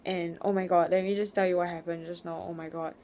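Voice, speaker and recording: A woman's voice: lowish voice, little pitch movement, fast, dark tone, a little hiss or hum. A young woman, venting in a rambling, frank way with swearing as she vlogs from home. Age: young adult. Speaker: vlogger. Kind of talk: casual venting monologue.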